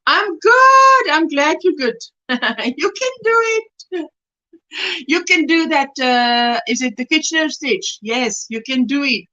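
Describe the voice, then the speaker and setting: A South African woman chats through a livestream, reading out viewers' messages and answering each in turn with frequent laughs. Her voice sits high and bright and swings widely in pitch as she talks. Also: animated, unhurried, highs cut off. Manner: reads chat messages aloud warmly, laughing often. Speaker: livestream host. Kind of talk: casual livestream chat.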